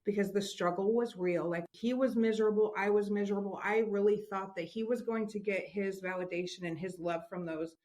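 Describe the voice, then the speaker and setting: A woman's voice: mid-range voice, steady tone, a little fast, few pauses, a little mellow. Earnest woman telling a hard story. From Washington state, USA. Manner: candid, earnest, close to tears at times. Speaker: podcast guest, parent. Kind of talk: emotional personal storytelling.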